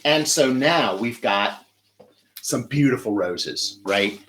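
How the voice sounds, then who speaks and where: A man hosts a live flower-arranging lesson in an easy, chatty way. He sounds enthusiastic and keeps up a running commentary while he works with his hands. His voice sits at an ordinary male pitch, close to a clip-on mic. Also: lively intonation, slow, a bit bright, a little hiss or hum. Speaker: florist host.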